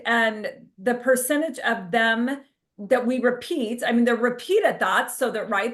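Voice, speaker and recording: Emphatic woman podcast co-host, higher voice. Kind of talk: casual podcast chat.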